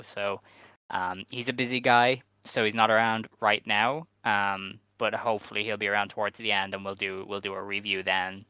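A man co-hosting a casual podcast, walking through the news in a steady, methodical way with "um" fillers. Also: lowish voice, clean tone, no room sound. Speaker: podcast co-host.

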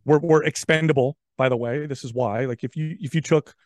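A man's voice: mid-range voice, brisk, a little hiss or hum. A man in casual podcast conversation, telling stories animatedly and often repeating words as he talks. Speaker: podcast guest. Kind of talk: casual chat.

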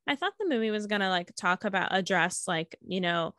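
A woman's voice: mid-range voice, animated, fairly quick, fairly bright tone, no room sound. Young woman, podcast guest, casual chat, hedging, dry sound. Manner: rambling, hedging, laughs often.

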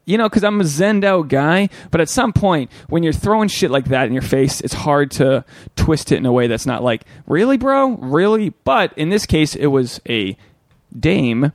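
This young man co-hosts a casual podcast, rambling through crude stories and slipping into quick impressions of the people in them. His voice sits a little high and carries a gravelly edge. He is recorded close to the mic in a dry room. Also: lively intonation, no echo. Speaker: podcast co-host.

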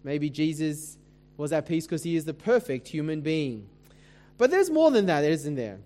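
A man's voice: a little high, big pitch swings, moderate pace, warm tone. A man preaching a sermon as a pastor, talking conversationally with rhetorical questions. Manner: dramatic scripture reading.

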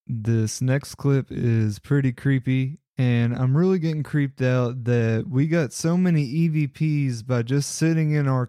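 A man talks through his paranormal recordings in an earnest, wondering way. His voice sits dark and mellow, recorded close and dry. He sounds like he is musing out loud about what he heard. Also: mid-range voice, clean tone, no room sound. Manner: earnest, speculative, reflective. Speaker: paranormal investigator. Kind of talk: casual narration over audio clips.

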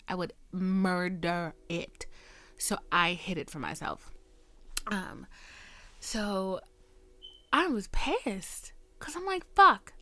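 A woman's voice: on the low side, fairly bright tone. A young woman hosting a podcast, telling a dating story in a chatty, profane way, sometimes dropping to a near whisper. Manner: chatty, profane, addresses listener as girl; drops to a near whisper for asides. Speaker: podcast host. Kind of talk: casual storytelling.

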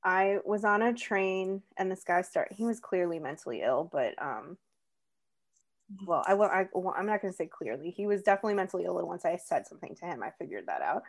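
A young woman in casual chat, telling stories in a chatty, animated way with lots of fillers. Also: lowish voice, brisk, vocal fry. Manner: chatty, animated storytelling with many "like"s.

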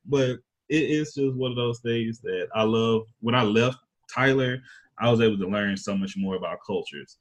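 A man with an East Texas accent hosting a casual chat, talking slowly in a laid-back drawl. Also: mid-range voice. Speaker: podcast host.

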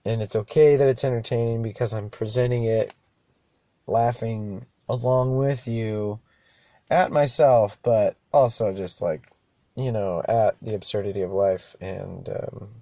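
A man's voice: lowish voice, measured pace, dark tone, dry recording. A young man hosting a show alone, rambling casually, swearing often and laughing at himself. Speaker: podcast host. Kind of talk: casual monologue.

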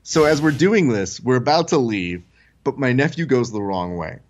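A man's voice: mid-range voice, normal speed. Man animatedly telling a funny story. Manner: animated, acts out quoted voices. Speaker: podcast host telling a story. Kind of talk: casual storytelling chat.

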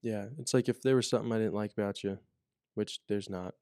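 A man's voice: on the low side, steady tone, a little fast, darkish tone, dry recording, clean studio sound. A young man chatting casually on a podcast, rambling with lots of fillers and restarts. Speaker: podcast co-host, corrections officer. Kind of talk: casual chat.

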